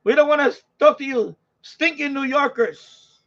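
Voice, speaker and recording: A man's voice: extremely high pitch, sharp tone, highs cut off, pitched above the performer's own voice, heavily acted. A man putting on a sneering radio ham taunting outsiders. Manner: slow, drawn-out taunting. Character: sneering hostile male radio operator mocking outsiders.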